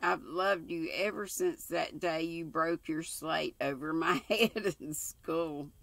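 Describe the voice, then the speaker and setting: A woman's voice: low voice, takes it slowly, gravelly, no echo, full character voice. An older woman reading the lines of an earnest, tender young man in love from a storybook.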